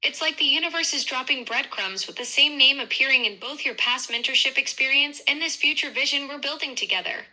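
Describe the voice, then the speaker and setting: A woman's voice: high voice, brisk, few pauses, sharp tone, low-quality recording. A synthetic woman's voice of a chatty voice assistant, upbeat and effusive in her replies.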